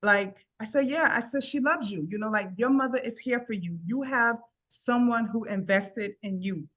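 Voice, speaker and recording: A woman's voice: fairly high pitch, moderate pace, a bit bright. A middle-aged woman telling a personal story in a casual, earnest way, often repeating "I said" as she recounts what she told a teenager. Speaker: guest sharing a personal story.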